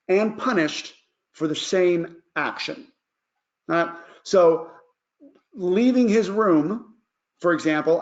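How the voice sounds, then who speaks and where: High, gravelly man coaching parents. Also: lo-fi sound. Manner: casual, keeps checking in with "all right?". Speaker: life coach and teacher. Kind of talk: parenting advice lesson.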